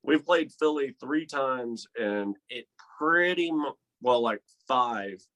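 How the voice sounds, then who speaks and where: A man from Georgia, a touring musician telling a wild road story in casual chat, profane and animated, acting out quotes. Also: mid-range voice, slow. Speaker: touring band musician, guest.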